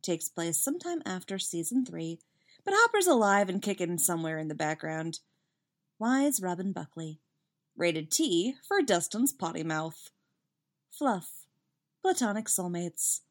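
A woman reading a fan story aloud with lively, expressive narration. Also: lowish voice, measured pace. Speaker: fanfiction reader.

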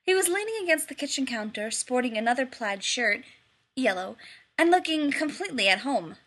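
A woman's voice: sits high, big pitch swings, fairly quick, a bit bright. A woman narrating a story expressively in an audiobook reading.

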